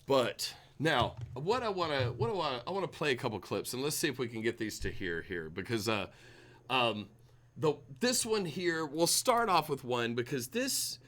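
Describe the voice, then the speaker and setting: A man co-hosting a casual drinking podcast chat, animated and laughing, slipping into mocking impressions. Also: medium pitch, moderate pace. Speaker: podcast co-host.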